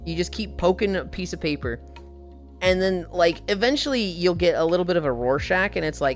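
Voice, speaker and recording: A woman's voice: lowish voice, fairly quick, faint music behind. A woman in her twenties streaming casually, telling profane stories and reading chat aloud.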